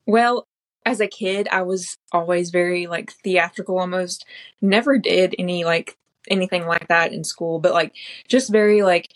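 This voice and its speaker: Low-voiced woman chatting. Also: moderate pace. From Southern United States. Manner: chatty, sprinkles in lots of "like". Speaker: podcast guest, comedy creator. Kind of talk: casual interview chat.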